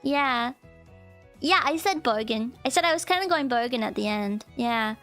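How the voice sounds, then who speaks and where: A woman VTuber keeps up a casual, giggly chat with her stream, rambling and leaning on "like." Her voice sits on the high side, a bit bright with lively intonation, at normal speed, and soft background music plays.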